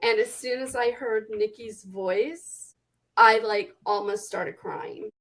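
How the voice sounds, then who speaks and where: A woman's voice: medium pitch, slight background noise, low-quality recording. A woman from Texas, a guest author chatting casually and animatedly in a podcast interview. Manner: chatty and animated, quick restarts.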